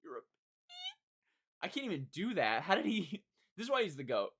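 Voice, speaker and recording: A man live-streaming his reaction to a song, with blunt, exclaiming comments and quick critical asides. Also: sits high, big pitch swings, a bit bright, breathy edge.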